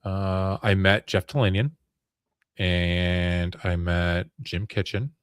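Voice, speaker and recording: A man in casual chat, telling a long rambling story in an animated way. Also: sits low, slow pace, clean tone, dry recording, clean studio sound.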